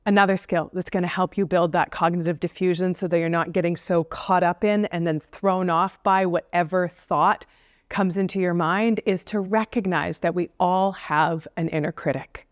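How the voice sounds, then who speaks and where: A woman counsellor giving casual advice straight to camera, playful, with joking asides and slower stresses on key points. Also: fairly low pitch, steady tone, no room sound, clean studio sound.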